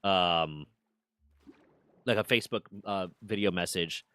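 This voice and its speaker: A man's voice: low-pitched, measured pace, pushed and bright, clean tone, no room sound. A man streaming, casually telling a personal story with candid swearing and mock voices for others.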